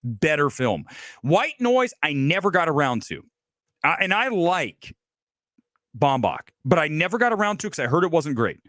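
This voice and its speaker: A man's voice: fairly high pitch, sing-song, moderate pace, fairly bright tone, no room sound, clean studio sound. A man hosting a film review livestream, talking bluntly and emphatically with self-assured opinions. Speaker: film critic host.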